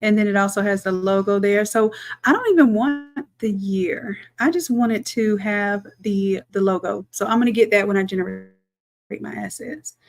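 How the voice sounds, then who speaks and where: A woman, a design instructor chatting through a live-streamed software tutorial, talking to viewers as y'all and thinking aloud as she works. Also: mid-range voice.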